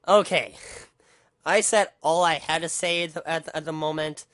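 Swearing constantly and stumbling into restart after restart, a vlogger rants angrily to the camera. He has a fairly high pitch and fairly bright tone, captured in clean studio sound with no room sound.

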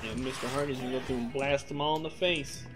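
A young man livestreaming a game, chatting to viewers in a joking, rambling way with sudden loud whoops. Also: mid-range voice, quick pace, music in the background. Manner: joking, rambling, animated outbursts. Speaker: game streamer. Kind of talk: casual live-stream chat while gaming. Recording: steady background noise.

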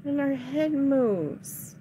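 A woman's voice: high voice, expressive, very slow, warm tone, slight background noise. A woman chatting casually to viewers at home while showing resale items, easily frustrated, sighing and grumbling at her camera.

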